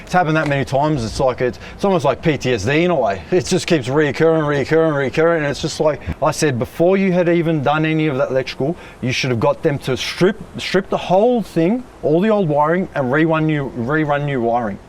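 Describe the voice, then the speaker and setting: A man, a stressed tradesman talking haltingly on a building site, saying mate often. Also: fairly high pitch, slight background noise.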